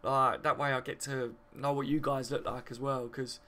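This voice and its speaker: With a bright, forceful, medium-pitched voice and little pitch movement, a Kent man hosts a live football stream at a moderate pace. He reads the chat and reacts to the match in a matey way, laughing often and calling viewers mate.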